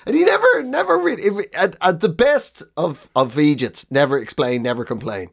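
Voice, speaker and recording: Animated, swearing podcast storyteller man. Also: a little high, normal speed, gravelly. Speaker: podcast co-host. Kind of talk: casual comedic chat.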